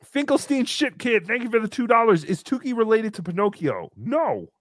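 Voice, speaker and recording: A man in his thirties hosting a livestream, reading donations and joking around in a casual, animated way. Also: sits high, normal speed, no echo, clean studio sound. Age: 30s. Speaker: livestream host.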